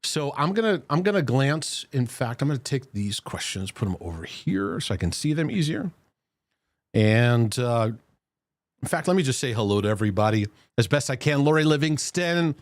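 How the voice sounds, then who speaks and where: Male livestream host, casual and talkative, animated delivery at an ordinary pitch. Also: moderate pace, no echo. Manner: chatty, greets viewers by name, loose restarts. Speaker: host of a Christian mental health livestream. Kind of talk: casual live-stream talk.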